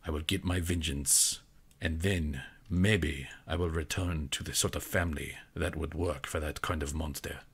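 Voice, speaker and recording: A man's voice: a bass voice, steady tone, moderate pace, husky, full character voice. A man playing a blunt, defiant warrior woman. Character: angry, determined female warrior seeking vengeance.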